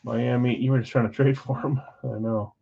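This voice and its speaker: A man hosting a live-streamed card break, chatting with viewers and calling out countdowns in an energetic, auctioneer-like way. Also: medium pitch, vocal fry, dull audio, noisy background. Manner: auctioneer-like rapid calls.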